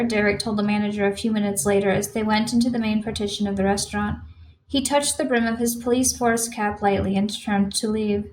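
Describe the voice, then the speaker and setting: A woman narrating her own novel as an audiobook in a measured storytelling voice. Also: mid-range voice, little pitch movement, a little hiss or hum, low-quality recording.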